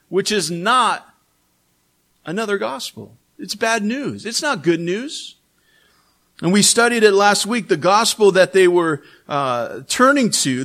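A man delivers an expository Bible teaching from the pulpit, his voice sitting a little higher than most men's. He is earnest and emphatic, circling back to repeat key phrases so they land. The delivery is that of a pastor guiding a congregation through the text. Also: fairly bright tone.

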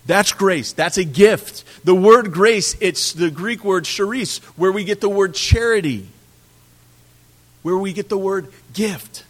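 A man preaching a sermon, animated, swinging between loud emphasis and quiet drops on key words. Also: high-pitched, takes it slowly. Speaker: pastor.

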